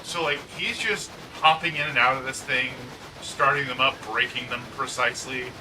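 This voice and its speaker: Medium in pitch and moderate in pace, this man's voice comes through a distant mic with background noise. He's a co-host on a gaming chat, chatting casually in a rambling way, full of "like" and self-deprecating jokes.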